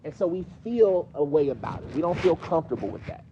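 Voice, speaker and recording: A man's voice: on the high side, lively intonation, fast, muffled recording, noisy background. A man with a New York accent teaching a mosque class, questioning his students in a conversational way. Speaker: teacher explaining hadith.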